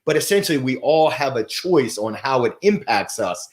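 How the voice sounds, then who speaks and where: A man hosting a motivational livestream, talking with playful energy and giving shout-outs to viewers. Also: mid-range voice, big pitch swings, normal speed. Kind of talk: upbeat motivational livestream talk. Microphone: gold microphone.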